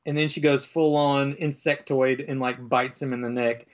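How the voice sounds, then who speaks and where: A man chatting casually as he recaps a comic book, rambling with lots of fillers and slipping into quick character voices. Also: medium pitch, steady tone, highs cut off. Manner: rambling, filler-heavy, acts out quoted lines in different voices.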